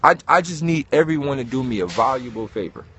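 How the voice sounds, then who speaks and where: A man giving an animated, preachy motivational talk, swearing and calling listeners dog. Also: mid-range voice, fast, a little hiss or hum. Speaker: host.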